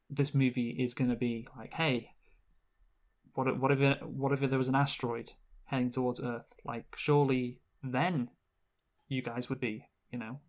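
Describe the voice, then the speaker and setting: A man co-hosting a movie review podcast in casual chat, hesitant and wry, often restarting his sentences. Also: mid-range voice.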